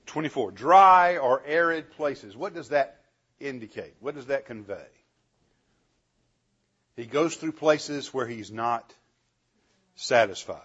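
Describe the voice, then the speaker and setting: A man teaching a Bible class, animated, asking the class questions and chuckling often, on a dull lo-fi recording. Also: medium pitch, slow pace, pauses often, slightly rough.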